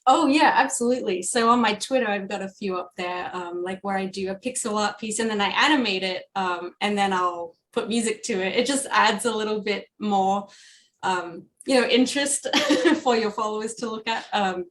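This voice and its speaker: A woman's voice: medium pitch, normal speed, a bit bright, slight background noise. A woman from Australia with an Australian accent, a composer chatting casually in an interview, laughing often and filling with ums. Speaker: composer guest.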